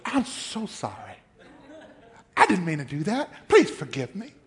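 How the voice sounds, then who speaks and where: A man voicing a tiny, very old man who speaks softly and apologizes meekly. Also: a little high, huge pitch swings, measured pace. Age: older. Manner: meek, soft, apologetic.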